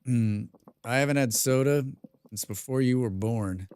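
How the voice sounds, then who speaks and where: A man's voice: mid-range voice, a little slow, a little mellow, clear, resonant tone. A man live-streaming a survival game, reading viewer chat aloud and answering with dry, rambling jokes, humming and mumbling to himself in between.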